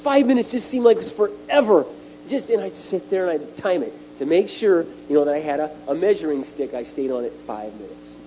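A middle-aged man preaching a sermon at a retreat, animated and emphatic, his voice jumping up on key words. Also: on the high side, brisk. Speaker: speaker at a retreat. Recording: dull lo-fi recording with faint mains hum.

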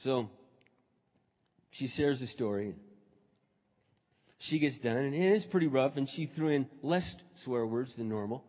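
A male pastor preaching a sermon, moving from quiet storytelling to loud, fervent preaching. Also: mid-range voice, animated, measured pace, long pauses. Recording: dull recording in a reverberant hall.

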